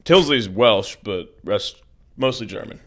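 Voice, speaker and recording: A man's voice: on the low side, lively intonation, unhurried, fairly bright tone. A man from Ohio who is a podcast guest, trading laid-back, profane banter in casual chat.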